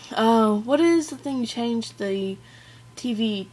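An American woman putting on an exaggerated, halting fake British accent into a webcam during a vlog challenge. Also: fairly high pitch, completely flat delivery. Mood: faking British. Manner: overdone, halting, self-conscious.

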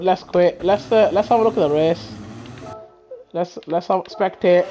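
A man streaming live racing gameplay from a home setup on a gaming headset, chatting to viewers and breaking into loud, frustrated outbursts. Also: high-pitched, measured pace, soft background music. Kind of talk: live sim-racing commentary.

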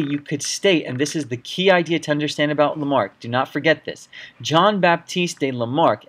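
A man's voice: medium pitch, fairly bright tone. Emphatic man lecturing at a whiteboard. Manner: emphatic, repeats key words while writing. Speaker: teacher.

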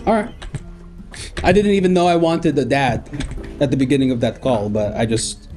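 A man's voice: medium pitch, moderate pace, faint music behind. A man hosting a comedy call-in show, improvising with callers in a playful, goofy way. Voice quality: playful, goofy, bursts into loud pleading. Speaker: call center host character.

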